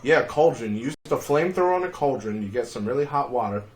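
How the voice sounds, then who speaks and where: A young man hosting a casual livestream, telling rambling, profane stories full of dark jokes. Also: medium pitch, expressive, quick pace. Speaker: livestream host.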